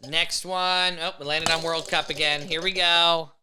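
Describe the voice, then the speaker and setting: A young adult man co-hosting a casual sports podcast, relaxed and quick to laugh. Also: on the high side, a little hiss or hum. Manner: laughs easily, relaxed banter. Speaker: podcast co-host.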